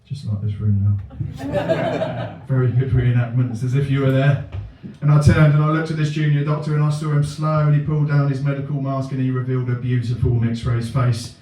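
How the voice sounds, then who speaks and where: A man doing a deadpan, self-mocking stand-up set in a comedy venue. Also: mid-range voice, fairly quick, a little hiss or hum. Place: comedy venue with a live audience. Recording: echoey room, mic at a distance.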